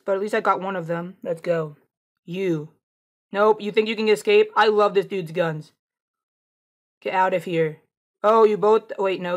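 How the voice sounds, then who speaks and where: Gameplay streamer, woman, chatty and excitable, taunts enemies while she plays. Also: medium pitch. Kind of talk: casual gameplay commentary.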